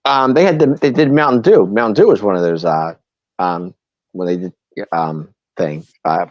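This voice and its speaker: A man's voice: deep voice, moderate pace, a little mellow, no echo, dull audio. A man co-hosting a podcast in casual chat, laughing easily and filling gaps with ums. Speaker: podcast co-host.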